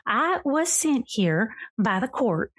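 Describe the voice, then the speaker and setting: A woman's voice: fairly high pitch, very animated, slow pace, breathy edge, pitched above the performer's own voice, heavily acted. A woman voicing a tall, whimsical fey lady who gushes, apologizes and rambles off track. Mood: apologetic. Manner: gushing, apologetic, rambling and distracted.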